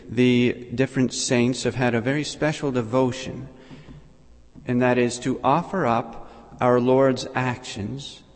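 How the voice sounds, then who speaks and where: A man preaches a sermon at a measured pace and pauses often between short phrases. His voice sits in an ordinary middle pitch. Long reverb rings after his words, as in a church. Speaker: priest. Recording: long reverb in a large hall.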